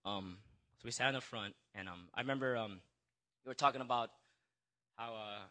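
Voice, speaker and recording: A young man shares his personal testimony at a church gathering, speaking into a handheld mic. His voice is bright and forward. He talks nervously, stumbling and restarting, with a middling pitch. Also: brisk. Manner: nervous and hesitant, full of restarts and apologies. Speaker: church member giving a testimony. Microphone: handheld microphone.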